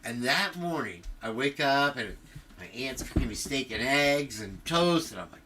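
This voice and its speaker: A man's voice: mid-range voice, moderate pace, background noise. A middle-aged man hosting a livestream, telling a long, rambling story full of swearing and tangents. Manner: profane, tangent-prone, animated retelling. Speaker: livestream host.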